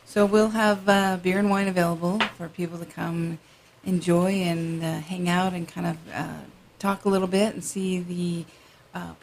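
Flat, gravelly woman co-producer. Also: on the low side, a little hiss or hum. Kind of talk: radio interview.

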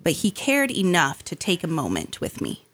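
Middle-aged woman telling stories, lower voice, jumps up high for the quotes. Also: moderate pace. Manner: animated, acts out quoted voices. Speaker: guest telling her life story. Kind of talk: conversational storytelling.

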